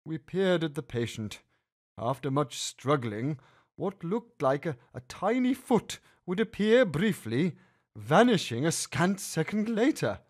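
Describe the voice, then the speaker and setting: A man's voice: a little high, unhurried. A man reading a humorous family story aloud, putting on voices for the characters. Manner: animated, puts on voices for the characters. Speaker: story narrator.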